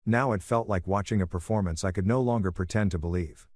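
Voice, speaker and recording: A man with a fairly low voice tells a first-person story in a measured, even way. The recording is dry and close, with no room sound or echo.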